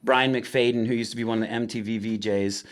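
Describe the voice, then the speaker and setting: A man in a casual podcast chat at an ordinary middle pitch, telling self-mocking stories. He rambles and restarts as he talks. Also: fairly even intonation, a little fast. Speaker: podcast guest.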